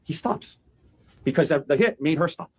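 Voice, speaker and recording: A man, a defense attorney, delivering an animated opening statement to a jury and acting out quotes as he goes. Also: on the high side, slightly rough, rough recording. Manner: fast, animated, acts out quotes.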